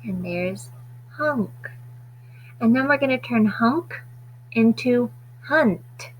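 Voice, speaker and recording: A woman teaching a phonics lesson to children, stretching out sounds slowly and deliberately. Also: fairly high pitch, lively intonation, muffled recording, slight background noise.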